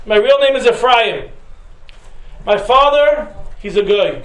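A man's voice: very high-pitched, animated, slow, heavily acted. A weepy, drunk young Russian man pours out his heart in a raised, earnest voice with broken phrases, as a storyteller puts him on. The sound rings in a roomy, echoing space. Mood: confiding.

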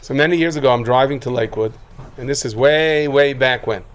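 A man giving a sermon full of stories, acting out voices and rising to loud bursts. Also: mid-range voice, fairly quick, a little hiss or hum. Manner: lively storyteller who acts out quotes, rising to loud outbursts. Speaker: rabbi giving a talk.

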